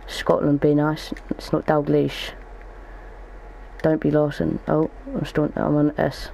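A man's voice: fairly high pitch, completely flat delivery, takes it slowly, creaky, dark tone, slight background noise, poor audio. A young man giving casual gaming commentary as a YouTuber, thinking aloud as he goes. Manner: chatty, thinks aloud while opening packs.

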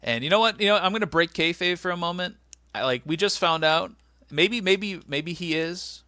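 A man co-hosting a casual podcast, recapping wrestling with frequent laughs and incredulous, animated asides. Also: high-pitched, moderate pace, clean tone, no echo, studio quality. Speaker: podcast co-host.

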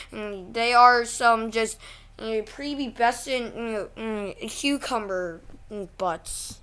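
Slow, ranting young woman vlogger. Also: mid-range voice, fairly bright tone. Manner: ranting, easily exasperated, slow-talking. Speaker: channel host. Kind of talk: casual vlog commentary.

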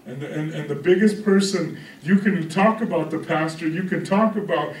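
Man preaching, fairly high voice, roomy echo, heard from across a church hall. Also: normal speed. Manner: conversational preaching with call-outs to the congregation. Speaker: pastor. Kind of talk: sermon. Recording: echoey room from a distance.

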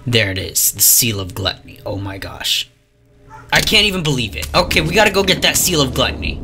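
A man giving gameplay commentary, sarcastic and frustrated, yelling at the game. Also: mid-range voice, sing-song, brisk. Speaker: let's play gamer. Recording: game music behind the voice. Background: game music.

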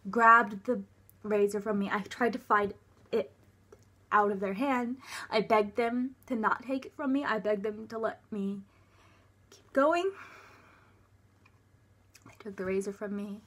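A young woman recounts a personal story in a casual, unscripted way. She speaks at a middling pitch with hesitant starts, lots of fillers, and soft, quiet stretches. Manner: halting, hesitant, with many fillers. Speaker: vlogger.

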